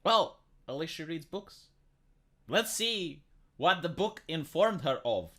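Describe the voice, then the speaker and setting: A woman's voice: low-pitched, slow pace. A woman from Romania giving dry, mocking reaction commentary on a viral video. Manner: dry, mocking, deadpan asides. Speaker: commentary YouTuber.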